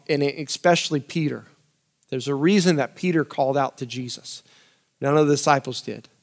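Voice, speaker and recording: High-voiced man preaching with dramatic swings. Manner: dramatic swings between loud urgent lines and quiet intimate asides; repeats phrases for emphasis. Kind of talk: sermon.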